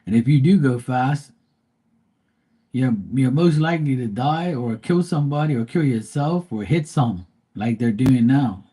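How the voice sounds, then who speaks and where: A man holding forth in casual live-stream chat, blunt and profane as he rants. His voice is dark and mellow, with a husky edge to it. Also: medium pitch, animated, moderate pace. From Bermuda.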